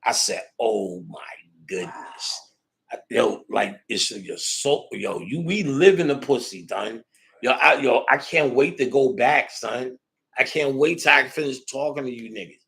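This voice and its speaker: A man hosting a casual chat, telling a story in an excitable, profane way, swinging between loud bursts and hushed asides. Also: mid-range voice, normal speed, gravelly. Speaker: podcast host.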